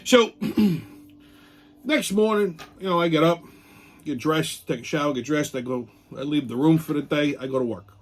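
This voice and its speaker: A man's voice: on the high side, moderate pace. A middle-aged man hosting his own show, telling a story as a blunt, profane rant. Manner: blunt, swears constantly, mocks and rants. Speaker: show host. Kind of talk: profane ranting monologue.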